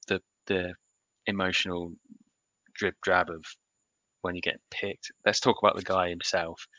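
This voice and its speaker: On a podcast he co-hosts, a man chats casually and animatedly about football picks, frequently restarting sentences. His low-pitched voice sounds pushed and bright, with no room sound and poor audio quality.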